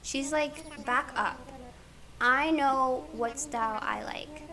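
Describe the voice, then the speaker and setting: A woman's voice: high voice, slow, sharp tone. A woman streaming a life-sim game, chatting casually and playfully while she plays and talks to the characters.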